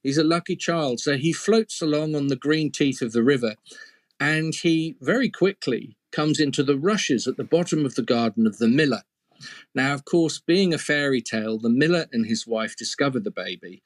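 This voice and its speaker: This man's expressive, mid-range voice moves at normal speed as he relates an old fairy tale in a chatty oral style. He adds teasing asides to whoever's listening, and the recording has no room sound.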